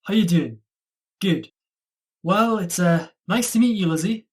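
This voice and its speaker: A man's voice: high-pitched, lively intonation, unhurried, darkish tone. A student actor playing a quirky, friendly Scotsman with a Scottish accent who teaches accents, talking over a video call. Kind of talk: online student theatre.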